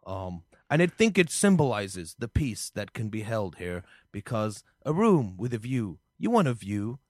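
A man's voice: medium pitch, darkish tone, dry recording, studio quality, pitched below the performer's own voice. A man playing a pompous male politician who halts and searches for words. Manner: halting, searching, slow.

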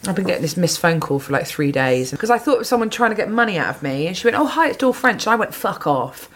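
Lower-voiced Bristol woman telling stories. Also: rapid-fire. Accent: Bristol English. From England, Bristol. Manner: animated anecdotes, swears freely, laughs often. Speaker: comedian guest. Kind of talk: casual podcast chat, storytelling.

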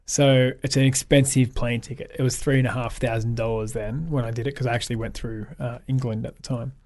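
A man's voice: medium pitch, fairly even intonation, a little fast, a little mellow. Man, Australian accent, podcast guest, upbeat, anecdotal, casual. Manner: upbeat anecdotal storyteller, acts out quoted dialogue. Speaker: guest photographer. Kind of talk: casual conversational interview.

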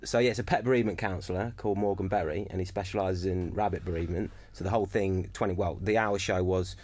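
Low-voiced London man telling anecdotes. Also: fairly even intonation, quick pace, darkish tone. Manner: rambling anecdotes with restarts. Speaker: comedian guest. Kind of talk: casual chat.

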